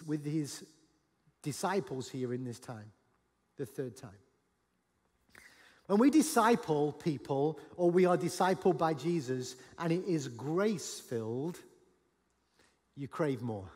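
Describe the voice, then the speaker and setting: A man preaches with a somewhat high voice, animated and dramatic, now and then breaking into a shout. His words ring through the long reverb of a large church auditorium. He acts out the dialogue of the stories he tells. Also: a little slow. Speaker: pastor. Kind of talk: sermon.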